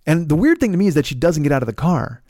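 Man, 50s, podcast storyteller, slightly raised pitch, blunt and self-critical. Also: big pitch swings, fast talker, a little mellow, no room sound. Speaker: podcast host. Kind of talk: storytelling monologue.

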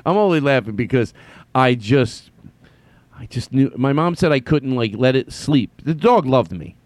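A man's voice: mid-range voice, animated, slow pace, dry recording. Dry-sounding rambling male podcast host. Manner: stammering, self-deprecating storytelling. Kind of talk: rambling comedic monologue.

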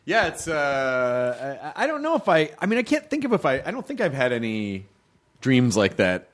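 Man, lively swinging pitch, playful podcast banter. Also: moderate pace. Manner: joking, playful voice bits. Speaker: podcast host. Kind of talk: casual chat.

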